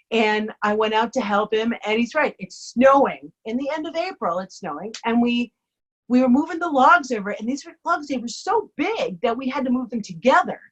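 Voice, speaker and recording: A woman from Vermont telling a personal story in a chatty, animated way, laughing often. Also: on the high side, moderate pace, breathy edge, muffled recording.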